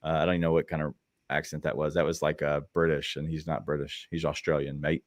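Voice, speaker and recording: A man co-hosting a casual sports talk show, rambling through his points with restarts and quick asides. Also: very deep voice, little pitch movement, no echo. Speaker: podcast co-host.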